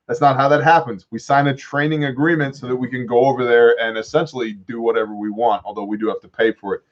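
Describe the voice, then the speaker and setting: A man's voice: mid-range voice, steady tone, fast, muffled recording. A man hosting a casual live stream, joking loosely and laughing often. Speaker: host.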